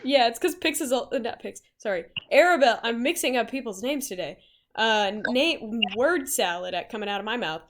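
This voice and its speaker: A woman's voice: on the high side, animated, a little fast, a bit bright. A woman running a tabletop game, rambling and full of fillers. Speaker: game master. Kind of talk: casual tabletop game chat.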